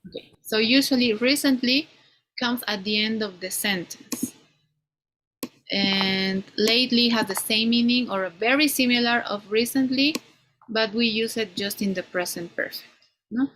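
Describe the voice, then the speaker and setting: A woman's voice: a little high, a bit bright, slight background noise, rough recording. Woman teacher tagging "no?" on points. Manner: explains slowly, ends points with "no?". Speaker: English teacher. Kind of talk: online class lecture.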